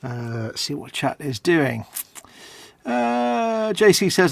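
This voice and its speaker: A man's voice: sits high, big pitch swings, slow pace, vocal fry, no echo. A man, co-hosting a casual livestream and reading out viewer comments. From northern England. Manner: chatty, reads out viewer comments. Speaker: co-host of a livestream. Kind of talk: casual chat.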